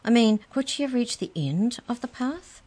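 A woman's voice: a little high, lively intonation, normal speed, darkish tone, breathy edge, voice pushed up. A woman voicing a young boy who asks questions in a curious, anxious way.

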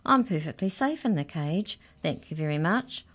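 A woman's voice: on the low side, lively intonation, moderate pace. A woman voicing a small, cheerful female mouse who is really the tooth fairy, breezy and unbothered in a children's storybook reading.

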